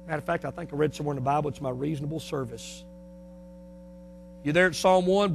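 A man preaching a sermon with a Northern US accent, folksy and emphatic, swinging between loud and soft passages. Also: on the high side, quick pace, creaky, long pauses, slight background noise.

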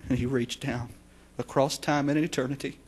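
A man preaching a sermon, swinging between shouted passages and hushed, quiet ones. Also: medium pitch, steady tone, normal speed, slight background noise. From Texas.

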